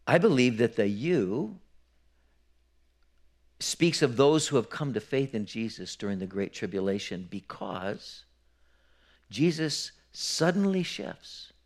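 A man's voice: mid-range voice, sing-song, takes it slowly, pauses often. A man preaching a sermon who explains his points step by step, checking in with "right?" and repeating words as he restarts. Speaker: pastor.

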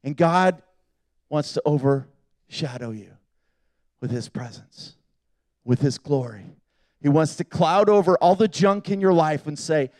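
A man preaching a sermon with passion, swinging from loud appeals to hushed, quiet asides. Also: on the high side, a little slow, pauses often, no echo.

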